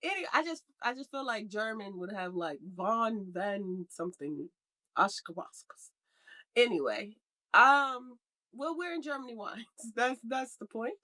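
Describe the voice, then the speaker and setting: Bright-voiced woman podcast host. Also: fairly high pitch, lively intonation, unhurried. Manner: rambling, playful, laughs often. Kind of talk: casual chat.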